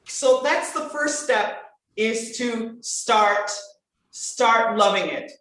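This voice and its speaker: A woman voice coach in conversation on a podcast, emphatic and animated, swinging between bright exclamations and soft earnest asides. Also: fairly high pitch, very slow. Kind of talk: enthusiastic conversational podcast talk. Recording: very echoey room.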